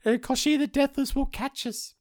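Brief: a shrill, whiny young princess, comic storybook, very high. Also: male voice, fairly even intonation, moderate pace. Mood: fretful. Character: young princess, frightened and scolding.

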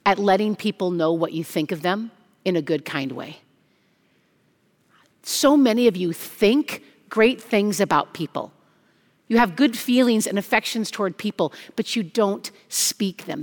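A young adult woman, a junior high pastor, preaching an animated chapel sermon and acting out the voices she quotes. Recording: long hall reverb.

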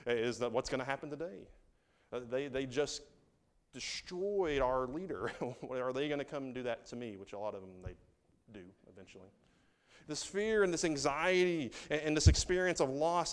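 Smooth-voiced man preaching a sermon. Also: medium pitch, moderate pace. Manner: conversational, swings from loud reading to hushed asides. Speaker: pastor.

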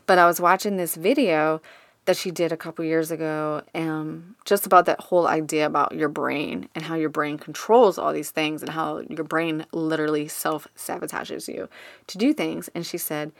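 A woman's voice: deep voice, creaky, fairly bright tone, no room sound. A woman hosting her own podcast, talking candidly in a casual solo monologue and swearing now and then. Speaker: podcast host. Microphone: studio microphone.

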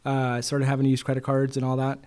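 A man's voice: mid-range voice, monotone, rapid-fire, a little mellow. A middle-aged man, a loan broker, telling stories in a casual interview and quoting others with "he goes.".

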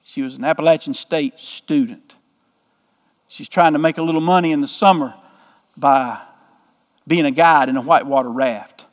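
A man's voice: on the high side, moderate pace, long pauses, big-room sound. A man, a pastor telling a story in a folksy, joking sermon.

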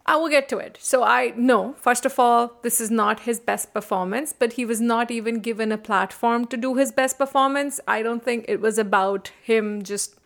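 A woman co-hosting a casual film review chat, animated and opinionated, laughing often. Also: fairly high pitch. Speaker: podcast co-host.

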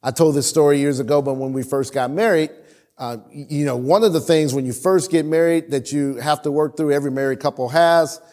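This pastor, a man with a fairly quick, somewhat high voice, preaches a sermon full of stories from his marriage. He tells them in an animated way, acting out his own lines and calling on the congregation to respond.

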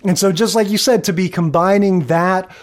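A man's voice: high voice, steady tone, normal speed. A man co-hosting a podcast, chatting enthusiastically about old sitcoms. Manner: chatty, enthusiastic, acts out lines from shows. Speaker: podcast co-host. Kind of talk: casual chat.

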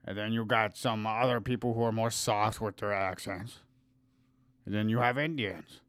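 A man's voice: fairly low pitch, steady tone, normal speed, a bit bright, dry recording. A man co-hosting a podcast in casual, crude banter, rambling and joking, a few drinks in. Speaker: podcast co-host.

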